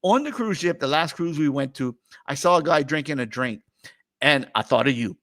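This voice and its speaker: Middle-aged New man, loose rambling host, a touch high-pitched, dry close sound. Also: lively intonation, moderate pace, fairly bright tone, no room sound. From New Orleans area. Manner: rambling, chatty, laughs often. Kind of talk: casual livestream chat.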